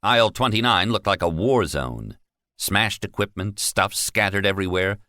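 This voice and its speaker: A man narrating a science fiction audiobook with an animated, dramatic delivery. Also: lowish voice, normal speed, dry recording, clean studio sound. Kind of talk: scripted narration.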